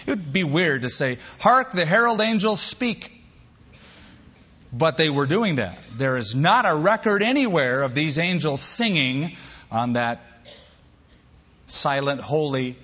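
Male pastor, emphatic sermon delivery, muffled lo-fi recording with long reverb. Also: a bit bright. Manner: emphatic, varies pace and pitch for stress. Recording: long hall reverb, dull lo-fi sound.

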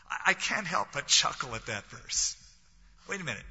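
A man delivers a sermon in a bright, cutting, somewhat husky voice that sits a little high. He talks conversationally and drops in wry jokes. The recording is dull and lo-fi, with a long reverb tail as if in a large hall. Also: lively intonation, normal speed. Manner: conversational, with wry humorous asides. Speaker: pastor.

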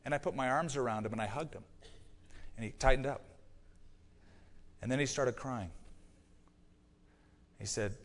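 A middle-aged male pastor delivers a sermon in an earnest storytelling manner, dropping to quiet, confiding lines before pressing points home with emphasis. His voice sits at an ordinary male pitch. The sound carries the long reverb of a church sanctuary. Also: normal speed, pauses often.

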